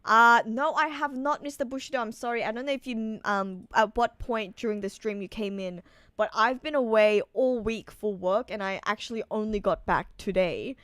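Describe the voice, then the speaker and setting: A woman's voice: a little high, normal speed, a bit bright, no room sound. A woman chatting casually on a live stream, reading out and answering viewer messages. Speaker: streamer reacting to a manga chapter.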